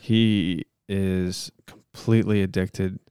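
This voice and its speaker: A man's voice: sits low, flat delivery, slow pace, warm tone, clear, resonant tone, dry recording, clean studio sound. A man hosting a casual podcast, joking around and putting on a mock-solemn prayer. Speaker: podcast host.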